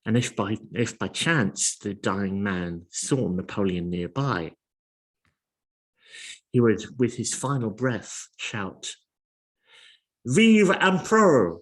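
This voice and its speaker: Male preacher, husky and low-pitched, delivers earnest rhetorical questions at a very slow pace. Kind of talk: sermon.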